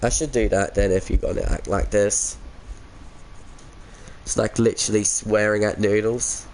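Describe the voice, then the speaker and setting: A man's voice: on the low side, steady tone, normal speed, darkish tone, a little hiss or hum. An Australian man chatting casually with viewers on a game stream through a headset mic, laid-back and chuckly, calling everyone mate.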